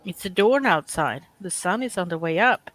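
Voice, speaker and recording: A man's voice: sits high, lively intonation, normal speed, fairly bright tone. A man from Sweden with a Swedish accent, chatting casually in slightly broken English and musing aloud. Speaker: chat participant. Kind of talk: casual voice chat.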